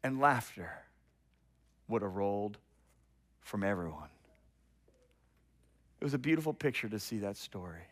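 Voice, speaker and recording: A middle-aged pastor gives an animated sermon in a voice on the low side, moving at a measured pace with long pauses. He builds to loud moments and falls to a hush, often repeating words as a thought begins.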